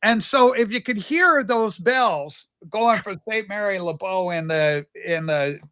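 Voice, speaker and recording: Man, very high voice, livestream host, casual banter, playful exclamations. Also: animated, unhurried, bright, forceful tone. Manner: exclaims "holy smokes", teasing.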